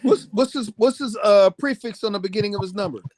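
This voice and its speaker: High-voiced man telling animated stories. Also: brisk, no echo. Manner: animated, acts out quoted voices, says "man" constantly. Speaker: music producer guest. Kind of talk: casual storytelling chat. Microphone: video call.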